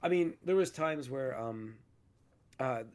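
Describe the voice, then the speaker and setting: A man in a casual gaming podcast speaks in a mid-pitched voice. He reacts with short agreements and tells his own take in an easygoing flow. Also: expressive, slow. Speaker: podcast co-host.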